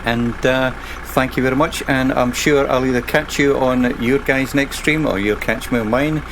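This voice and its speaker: A man's voice: mid-range voice, steady tone, normal speed, noisy background. A man casually commentating his own driving game stream, chatting and rambling to himself and his viewers.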